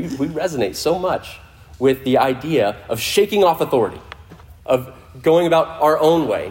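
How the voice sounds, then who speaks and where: A man preaching a sermon to a congregation in a conversational way, often restarting phrases and dropping his voice low for emphasis. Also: a little mellow. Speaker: pastor. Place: church in front of a congregation.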